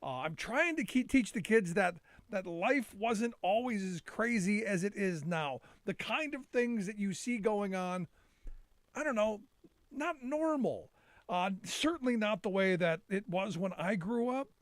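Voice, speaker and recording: A man's voice: sits high, animated, measured pace, dry recording. A middle-aged man hosting a live call-in talk show, rambling and sarcastic with many restarts.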